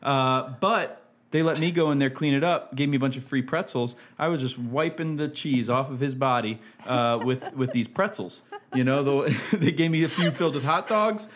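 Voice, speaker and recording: A man improvising a comic story in a deadpan way, building the absurdity and laughing at himself. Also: medium pitch, moderate pace.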